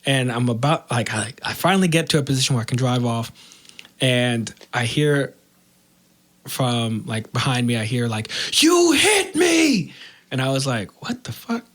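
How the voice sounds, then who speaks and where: A man's voice: mid-range voice, normal speed. A man telling a story in casual chat, swearing freely and acting out the other people's lines. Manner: animated, swearing, acts out quoted voices. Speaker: podcast host.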